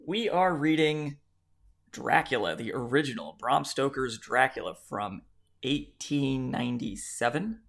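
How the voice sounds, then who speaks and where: A man's voice: mid-range voice, lively intonation, a little slow, creaky, a bit bright. A man hosting a book podcast in casual, joking chat. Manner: joking, easygoing. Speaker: podcast host.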